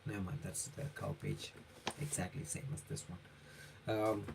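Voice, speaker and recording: A man live-streaming his reaction to a comic chapter, reading it aloud haltingly and correcting himself as he comments. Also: on the low side, creaky, background noise. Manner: halting, with frequent self-corrections.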